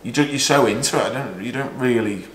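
A man's voice: mid-range voice, fast, fairly bright tone, slight background noise. A man hosting a casual golf chat, talking chattily, laughing often and acting out what people said. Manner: chatty, laughs often, acts out quoted remarks. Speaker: vlog host and caddie. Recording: roomy echo, faint background.

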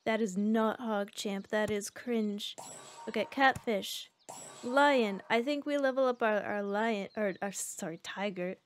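A young woman streaming a game, chatting casually with her chat and reacting loudly to each round. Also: mid-range voice, measured pace, a little hiss or hum. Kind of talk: casual gameplay commentary. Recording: faint background music.

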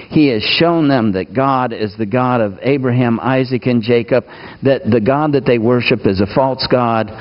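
A man's voice: mid-range voice, muffled recording. Folksy man preaching a sermon. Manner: folksy, engages the congregation with questions. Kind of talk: conversational sermon. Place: church.

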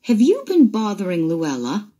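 A woman's voice: medium pitch, huge pitch swings, normal speed, dark tone, faint music behind, voice pushed up. A woman voicing a patient but firm mother who keeps asking the same coaxing question.

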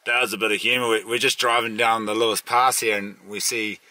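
A man's voice: on the low side, level tone, brisk, pushed and bright. A middle-aged man with a New Zealand accent, telling blunt, laid-back stories in a casual vlog as a bush guide.

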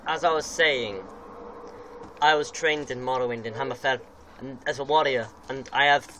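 A man's voice: medium pitch, steady tone, moderate pace, pushed and bright, a little hiss or hum, low-quality recording. A man gaming and joking, ad-libbing a grand mock backstory for his character in casual let's-play commentary. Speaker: gamer.

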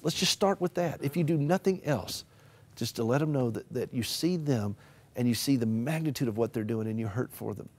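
Man, Southern US accent, middle-aged, quick-paced, folksy storytelling, humorous, gentle when hushed. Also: mid-range voice. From American South. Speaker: author and caregiver advocate. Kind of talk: Christian TV interview guest.

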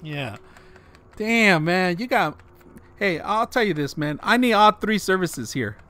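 A man's voice: high voice, expressive, unhurried, sharp tone. A man streaming live from home, joking with chat and tacking "man" onto his sentences, on a desk condenser mic with a pop filter. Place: home room with a dog.

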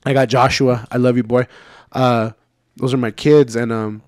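A man's voice: medium pitch, little pitch movement, normal speed, no room sound, studio quality. A man in his thirties talking candidly on a podcast, laid-back, with lots of fillers and the odd curse word. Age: 30s. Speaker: podcast regular. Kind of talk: casual podcast chat.

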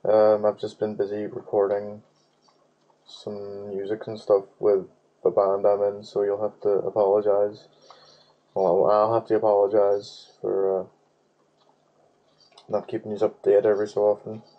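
A man's voice: fairly low pitch, completely flat delivery, a little slow, long pauses, muffled recording. A man giving casual gaming commentary while he plays, rambling, swearing freely and humming nonsense tunes. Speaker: let's play gamer.

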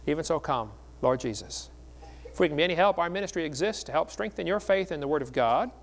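A middle-aged man preaches at a seminar, his voice slightly high for a man. He tells stories in a folksy, joking way and keeps the delivery lively. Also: a little fast. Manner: folksy, joking, animated storytelling. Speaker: evangelist speaker.

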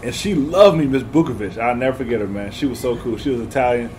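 A man telling stories in a casual, animated way, laughing often as he talks. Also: mid-range voice, fast talker, a little hiss or hum, rough recording. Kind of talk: casual chat.

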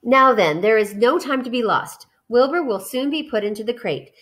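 A wise female spider , voiced by a woman reader, speaks softly and deliberately. Her calm manner sounds steady and thoughtful. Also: a little high, voice pushed up. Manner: soft, measured.

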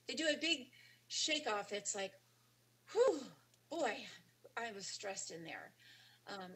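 A woman's voice: a little high, pushed and bright, slight background noise, rough recording. A woman teaching a webinar on dog behavior, explaining casually with frequent ums and restarts. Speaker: dog training instructor. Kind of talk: webinar lecture.

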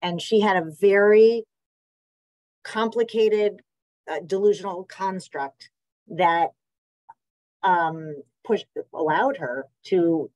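A woman's voice: on the low side, darkish tone, dry recording, rough recording. A woman psychiatrist with an American accent giving a conversational webinar talk over a video call, with many fillers and restarts. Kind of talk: webinar presentation.

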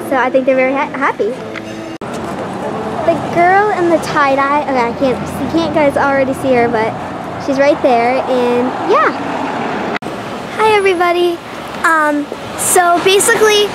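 A woman's voice: sits high, noisy background. A young woman vlogging casually on a handheld camera, gushing and bubbly with lots of fillers. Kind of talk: casual vlog. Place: out and about, stores and streets.

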